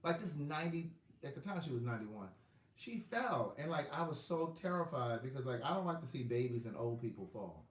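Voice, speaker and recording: A man's voice: mid-range voice, expressive, quick pace. Chatty man on an echoey phone stream. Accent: Southern US. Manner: chatty, rambling, talks to viewers by name while checking his phone. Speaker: livestream host selling books. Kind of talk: casual live chat with viewers. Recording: echoey room.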